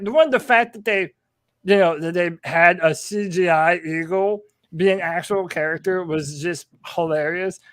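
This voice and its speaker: A man co-hosting a podcast in casual chat, excitable and peppering his talk with "dude.". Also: high voice, no echo, studio quality. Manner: excitable, says "dude" often. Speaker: podcast co-host.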